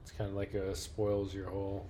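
Laid-back lower-voiced man. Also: monotone, moderate pace, mellow, a little hiss or hum. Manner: laid-back, reacts with short exclamations. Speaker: podcast co-host. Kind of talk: casual sports chat while watching a game.

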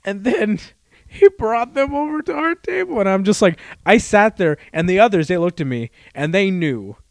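A young man co-hosting a podcast, telling a story in a rambling, halting way, full of fillers and loudly acted-out quotes. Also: sits high, big pitch swings, vocal fry, no echo. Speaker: podcast co-host. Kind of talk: casual chat, storytelling.

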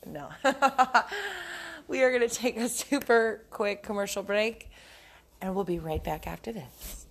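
A young adult woman with a medium-pitched voice talks a little slowly on her casual solo podcast, frank and profane, giggling often. There's slight background noise.

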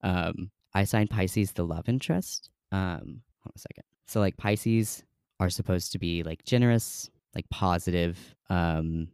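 A man's voice: sits low, a little slow, darkish tone, smooth, no echo, studio quality. A young man hosting a podcast in a casual, rambling way, full of "um" and "like". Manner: chatty, rambling, many fillers. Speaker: podcast host.

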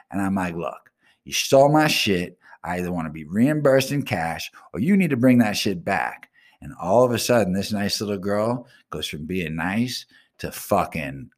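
Host, middle-aged man, low voice that swings wide, brash and profane, ranting monologue. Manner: brash, swearing, animated rants. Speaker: radio show host.

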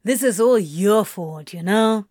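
A woman's voice: slow pace, darkish tone, no echo, studio quality, natural voice. A woman reading aloud, voicing a flustered, foul-mouthed male demon who exclaims and grumbles in a raised voice. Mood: grumbling. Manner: swearing, exclaiming, rising to a higher pitch. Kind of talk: amateur audiobook reading.

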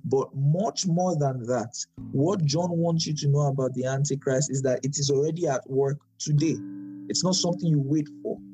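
A man as pastor, teaching a Bible study sermon, quoting verses with stress and asking quick tag questions. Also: on the high side, mellow, soft background music, rough recording.

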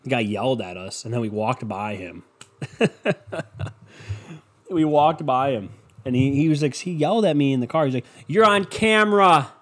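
A young man hosts a podcast, ranting in a loose, rambling way full of swearing. His voice sits at an ordinary mid pitch as he tells stories. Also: normal speed, pauses often, a little mellow. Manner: profane, loose, storytelling. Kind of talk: casual rambling rant.

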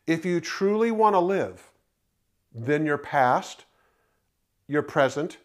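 Male pastor, high voice, emphatic sermon delivery, repeats key lines for the notes. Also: expressive, slow. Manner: emphatic, repeats key points, fills in blanks for listeners.

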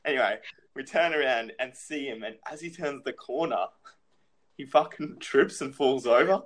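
A man's voice: mid-range voice, normal speed. A young man in casual chat, telling a childhood story, laughing often and swearing freely.

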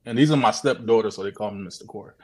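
A man telling his own odd sighting story on a call, animated, swearing often and repeating himself. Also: on the low side, rapid-fire, husky. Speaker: guest sharing a sighting story. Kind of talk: casual storytelling on a video call show.

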